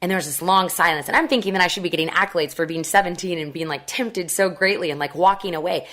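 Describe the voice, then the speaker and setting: A woman in her twenties, speaking as an interview guest. She tells her story with animated expression, and her voice sits a little low for a woman. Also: quick pace, few pauses. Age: 20s.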